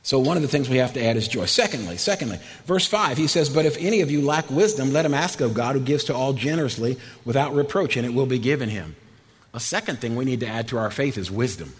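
An older man preaching a sermon, animated and laughing, swinging between loud and quiet. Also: mid-range voice, quick pace. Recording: long hall reverb.

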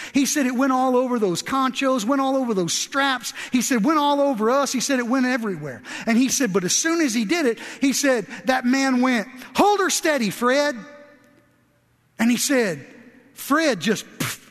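A man's voice: very high-pitched, fairly bright tone. A man preaching a sermon as pastor, telling a folksy story and building to impassioned exhortation. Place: large church sanctuary. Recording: long reverb of a large church.

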